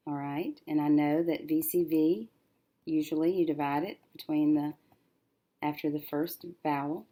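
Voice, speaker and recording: A woman teacher working through a syllable-division lesson, thinking aloud and slowly sounding out each syllable as she writes. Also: low voice, steady tone, warm tone. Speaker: reading teacher.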